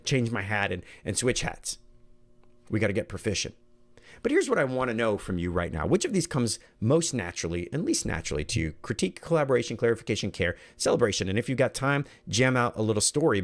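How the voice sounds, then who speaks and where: Earnest middle-aged man teaching a workshop. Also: on the low side. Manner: earnest, conversational, repeats words as he thinks. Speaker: workshop presenter. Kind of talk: online workshop talk.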